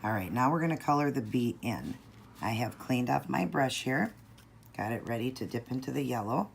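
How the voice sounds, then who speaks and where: A woman calmly talking viewers through a nail art tutorial step by step, in a patient, instructive way. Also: moderate pace, creaky, a little hiss or hum. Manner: patient, instructive, low-key.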